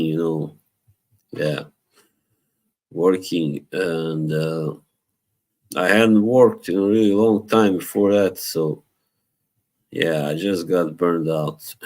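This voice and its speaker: A man hosting a casual live stream, his voice sitting very low. He talks slowly and rambles in an easy way, drifts into Bosnian phrases and laughs between thoughts. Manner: relaxed, rambling, laughs often, mixes in Bosnian. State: tired from little sleep.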